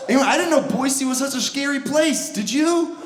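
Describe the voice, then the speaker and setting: High-voiced sarcastic stand-up comedian, young man. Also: a little fast. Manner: sarcastic, animated, acts out bits in exaggerated voices. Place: comedy club stage before a laughing audience. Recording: roomy stage sound with audience noise.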